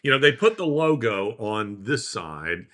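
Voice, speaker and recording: Bright-toned Southern American man. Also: on the low side, big pitch swings, measured pace. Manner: warm proud father, rambling with fillers. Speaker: podcast co-host. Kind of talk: casual chat on a video call.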